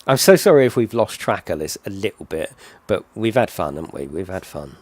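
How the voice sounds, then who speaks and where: A man's voice: low voice, big pitch swings, fairly quick. A middle-aged man giving casual, rambling game commentary full of tag questions. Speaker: gaming channel host.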